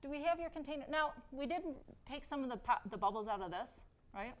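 Playful, higher-voiced woman teaching science. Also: expressive, quick pace. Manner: playful questioning teacher who laughs often. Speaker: science show host. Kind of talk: hands-on science demonstration for a young assistant.

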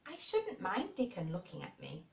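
A woman voicing a frail, excitable boy who gasps and cries out eagerly. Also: moderate pace, vocal fry, exaggerated voice. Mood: wistful. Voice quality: high, breathless, gasping. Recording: roomy and distant.

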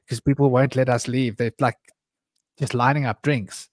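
A man's voice: mid-range voice, steady tone, normal speed, no room sound, clean studio sound. Rambling anecdotal male storyteller. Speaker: podcast host. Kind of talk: candid storytelling conversation.

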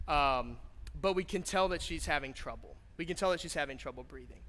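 A man's voice: fairly high pitch, a little fast. A young man preaching a sermon, telling a personal story in a conversational, joking way that builds to fervent appeals. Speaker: pastor. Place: church auditorium. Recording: church hall reverb with soft guitar.

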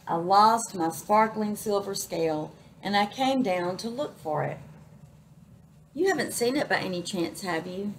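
A woman's voice: mid-range voice, lively intonation, measured pace, a little hiss or hum. Rainbow Fish, a woman doing a shy hopeful fish.

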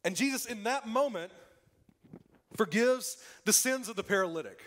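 A man delivers a church sermon in a high, bright-sitting voice. His pitch leaps and falls with great animation. He pushes key lines out loud and then sinks to a near hush for effect. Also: normal speed. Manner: lively preaching with dramatic drops to a hush. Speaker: pastor. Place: church sanctuary.

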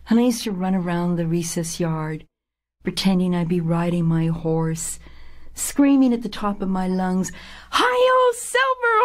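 An older woman telling her own life story with feeling, now and then dropping to a whisper for weight. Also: low voice. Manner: emotional, dramatic, drops to a hushed whisper. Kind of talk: personal life story told to an audience.

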